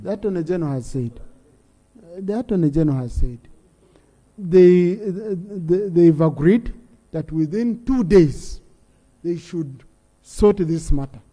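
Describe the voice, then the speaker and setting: High-voiced Ugandan parliamentary speaker. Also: male voice, animated, unhurried, pauses often, mellow. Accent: Ugandan English. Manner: firm, repeats phrases while directing debate. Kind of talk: chairing a parliamentary session. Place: parliament chamber. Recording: long reverb of a large chamber.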